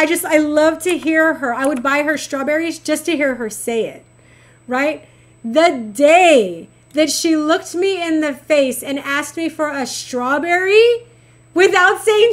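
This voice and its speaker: A middle-aged woman streaming a game, chatting casually and affectionately with her viewers. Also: sits high. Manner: chatty, animated, talks to chat affectionately. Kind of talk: casual chat while gaming.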